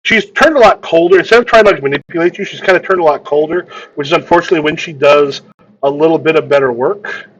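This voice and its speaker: A man runs a tabletop game as its game master, his voice sitting a little higher than most men's. He narrates in a stop-start way, circling back and repeating words as he sets up each scene. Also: husky, dull audio. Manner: halting, repeats words while describing.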